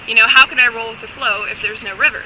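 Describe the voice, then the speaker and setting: A woman voicing a lonely, depressed little male frog, whiny and exasperated in her own bright voice. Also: a little high, fairly even intonation, fast talker, background noise, natural voice.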